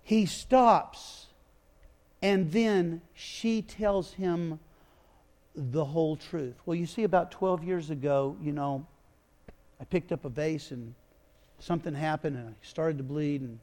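High-voiced preacher telling a story. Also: male voice, slow pace. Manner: dramatic storytelling, acting out biblical dialogue with swings from loud to hushed. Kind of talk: sermon.

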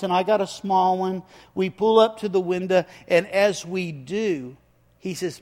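Older male pastor telling a sermon story with feeling, high voice, echoey hall. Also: darkish tone. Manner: emotional, halting storyteller.

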